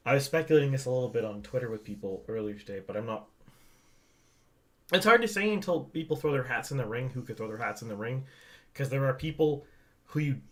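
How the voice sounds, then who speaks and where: A man co-hosting a casual podcast, speculating at length about an election with frequent restarts, recorded on a microphone he shares with his co-host at home. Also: mid-range voice. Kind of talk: casual political chat. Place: home setup, not a studio.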